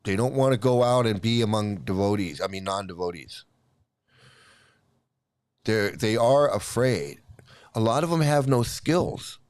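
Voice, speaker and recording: A man's voice: on the low side, expressive, a little slow, pauses often, darkish tone, no echo. Profane, heated man ranting, dry sound. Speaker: YouTube commentator. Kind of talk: angry ranting commentary.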